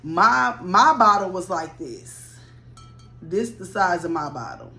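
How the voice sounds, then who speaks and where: A woman's voice: lowish voice, slow pace. Chatty woman in her thirties telling a story. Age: 30s. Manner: chatty, rambling, animated when upset. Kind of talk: casual storytime to viewers.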